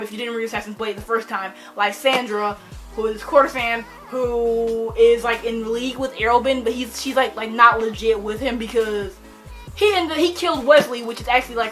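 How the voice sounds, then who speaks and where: A young adult woman rambling excitedly through a book chat, gushing and full of fillers. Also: fairly high pitch, moderate pace, soft background music. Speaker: book vlogger.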